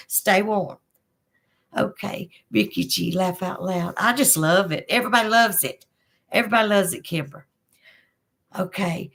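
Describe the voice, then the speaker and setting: A woman's voice: mid-range voice, moderate pace, a bit bright. A woman with a Southern accent hosting a live stream, reading chat aloud in a chatty, folksy way and laughing often. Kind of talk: casual chat. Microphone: phone.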